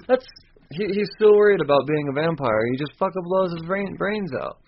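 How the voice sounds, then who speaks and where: A man's voice: a little high, expressive, fairly quick, dull audio, a little hiss or hum. A man casually recapping a comic story, rambling and profane, with frequent restarts and laughing at his own slips.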